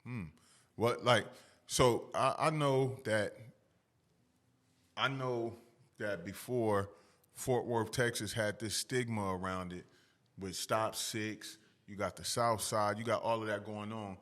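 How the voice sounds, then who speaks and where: A man's voice: lowish voice, fairly even intonation, takes it slowly, a bit bright. Upbeat slangy podcast host, man. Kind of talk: casual interview talk.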